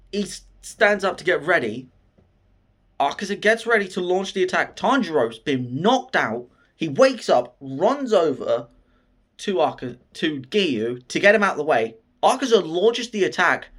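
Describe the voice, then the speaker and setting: A man recapping a favourite film in casual, profane, excited storytelling. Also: fairly high pitch. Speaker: film reviewer.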